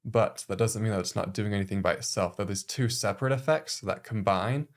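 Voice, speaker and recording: Male clinic staffer, podcast guest: lowish voice, explanatory, casual fillers. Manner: explanatory, measured, with many "like" fillers. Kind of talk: podcast conversation.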